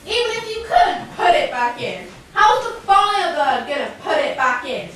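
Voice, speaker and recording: A woman playing a bossy, shrill duck wife. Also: sing-song, moderate pace, fairly bright tone, a little hiss or hum. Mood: scornful. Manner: nagging, scolding. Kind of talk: school stage play. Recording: echoey hall from far off.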